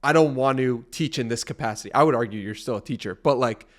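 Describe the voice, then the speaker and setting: A man's voice: medium pitch, fast talker. Male podcast host, mid-range voice, earnest, piles up follow-up questions. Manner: earnest, stacks several questions together. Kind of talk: interview questions.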